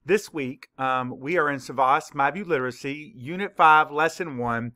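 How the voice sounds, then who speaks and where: A man teaching a spelling lesson to young children, dictating words slowly and clearly, sound by sound. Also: on the high side, sharp tone. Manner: slow, clear word-by-word dictation.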